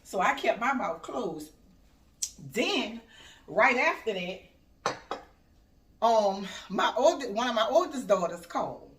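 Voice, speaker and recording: A lively older woman vlogs from her kitchen. She tells her stories with a lot of energy, and her bright voice sits a little back from the mic in a roomy space. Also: a little high, slow pace, long pauses, recorded from a distance, a little hiss or hum. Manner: animated storytelling, acts out the voices of her family and laughs. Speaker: home decor vlogger. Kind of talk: casual chatty vlog. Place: home kitchen. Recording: echoey room, voice off-mic.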